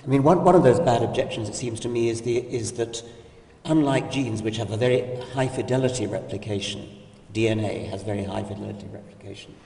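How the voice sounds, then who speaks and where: An older man interviewing, explaining ideas in a measured, precise way with slight hesitations. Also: lowish voice, creaky, mellow. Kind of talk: conversational interview. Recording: distant mic, echoey hall with long reverb.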